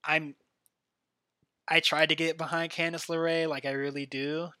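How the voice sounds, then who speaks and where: Bright, dry-voiced man chatting wrestling. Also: a little high, little pitch movement, moderate pace, smooth, no echo. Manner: rambling, filler-heavy, enthusiastic fan talk. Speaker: podcast host. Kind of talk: casual solo wrestling recap.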